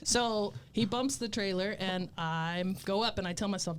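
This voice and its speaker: A woman's voice: medium pitch, moderate pace, a little hiss or hum. A woman telling a story in a casual chat, profane and laughing as she talks.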